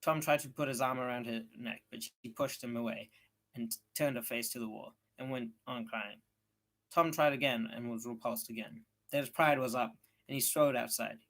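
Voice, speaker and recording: A man's voice: medium pitch, steady tone, normal speed, gravelly, fairly bright tone. Male reader, casual storybook narration, a few stumbles. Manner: unpolished, occasional restarts. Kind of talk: reading a novel aloud.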